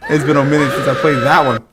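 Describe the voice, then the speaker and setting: Guy hosting a live stream, fairly high voice, giggly and stammery, super excitable. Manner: excitable, laughs often, stammers and repeats himself. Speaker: crypto livestream host.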